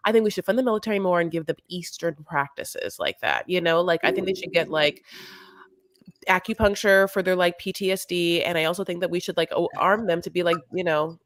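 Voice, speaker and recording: A woman co-hosting a casual chat, rambling with halting phrases and many fillers. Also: on the low side, no room sound, studio quality. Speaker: podcast co-host.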